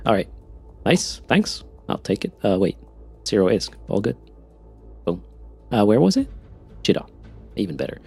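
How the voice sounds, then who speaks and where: A man's voice: on the low side, sing-song, normal speed, gravelly, long pauses, a little mellow, breathy edge, soft background music. A man with a Swiss German accent chatting casually with his live-stream audience while playing, often repeating words as he starts a sentence. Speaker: game streamer.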